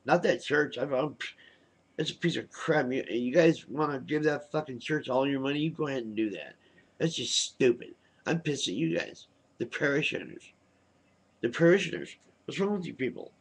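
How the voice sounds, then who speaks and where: A man's voice: medium pitch, normal speed, vocal fry, slightly rough. A man ranting heatedly into his webcam, combative and cursing, firing rhetorical questions at his viewers. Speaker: vlogger. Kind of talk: angry webcam rant.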